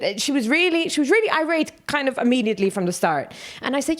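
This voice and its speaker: A woman's voice: mid-range voice, fast, few pauses. A Dutch woman in her thirties, a comedian co-hosting a casual comedy podcast, telling stories with lots of laughter. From Netherlands. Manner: animated storytelling, laughs often.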